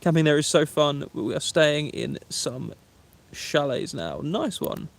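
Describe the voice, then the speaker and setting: This Essex-accented Englishman in his twenties is vlogging live from a woodland camp, reading out viewers' comments and names in a chatty, friendly way. He speaks at a measured pace with a slightly high, creaky, expressive voice.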